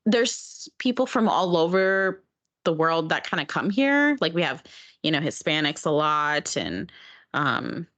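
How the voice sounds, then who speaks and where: A woman's voice: low-pitched, sing-song, unhurried, a bit bright. A woman from Oregon, a streamer and dancer, chatting as a podcast guest and laughing often. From Oregon, USA. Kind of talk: casual podcast chat.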